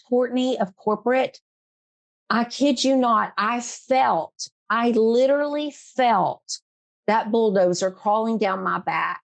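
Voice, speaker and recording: Emphatic middle-aged woman podcast host. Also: on the high side. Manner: earnest, emphatic, repeats phrases, laughs often. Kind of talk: emotional interview chat.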